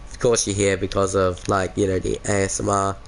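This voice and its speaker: Australian man, casual streamer, lowish voice, laid-back, chuckling, headset mic. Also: flat delivery, normal speed, vocal fry, a little hiss or hum. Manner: laid-back, chuckling, calls everyone mate. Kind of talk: casual live-stream chat with viewers.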